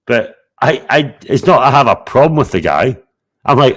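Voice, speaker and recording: A man's voice: medium pitch, animated, brisk, a bit bright. A man hosting a live stream, talking bluntly and confrontationally, swearing a lot. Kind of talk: heated live stream chat.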